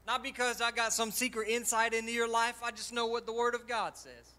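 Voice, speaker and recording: A male pastor preaching an impassioned sermon, swinging between loud and soft as he gives personal testimony. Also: very high-pitched, fairly even intonation, fairly quick, few pauses. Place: church sanctuary.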